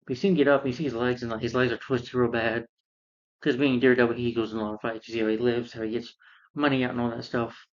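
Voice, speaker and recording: A man's voice: medium pitch, little pitch movement, fast talker, dull audio. A man retelling a film's plot in a casual, rambling way, full of fillers and restarts. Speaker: film reviewer.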